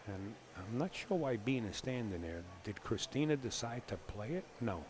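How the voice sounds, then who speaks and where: A man's voice: mid-range voice, animated, normal speed, background noise. A man with a Bronx New York accent doing live play-by-play commentary on a billiards match, mixing his calls with joking, teasing banter. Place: alone in a small commentary room.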